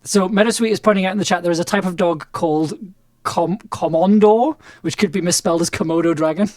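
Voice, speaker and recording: Male host, fairly high voice, giggly and explanatory, dry close mic. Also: fairly quick, a little mellow, dry recording. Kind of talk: casual chat on a live stream.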